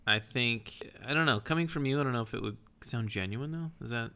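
A man's voice: mid-range voice, brisk, sharp tone, smooth. A man co-hosting a casual podcast chat, teasing his partner with dry humor. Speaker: podcast co-host.

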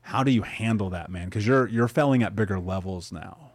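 A man from Indianapolis hosting a casual interview, asking long energetic questions and checking in with "right?". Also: lowish voice, fairly quick, no echo, clean studio sound. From Indianapolis, USA. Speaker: podcast host.

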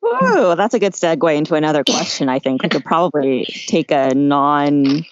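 A woman hosting a casual talk show over a video call, relaxed and full of fillers. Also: low voice, normal speed, dry recording, lo-fi sound. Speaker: host. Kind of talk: casual online chat.

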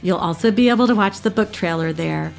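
A woman podcast host reading an inspiring true story aloud in a clear, steady storytelling manner, lightly voicing the quoted dialogue. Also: medium pitch, fairly quick, soft background music.

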